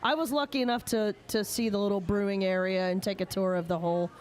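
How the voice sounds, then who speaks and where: A woman co-hosting a casual radio chat, animated and quick to tease. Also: medium pitch. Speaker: radio show co-host.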